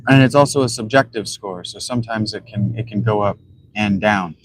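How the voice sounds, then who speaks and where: Blunt, rambling man with a lowish voice. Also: a little fast, slight background noise, rough recording. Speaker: gaming streamer. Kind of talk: casual commentary while playing.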